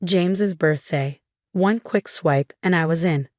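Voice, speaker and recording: A woman reading a scripted first-person story as narrator, in an even, measured way. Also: fairly low pitch, no room sound, clean studio sound.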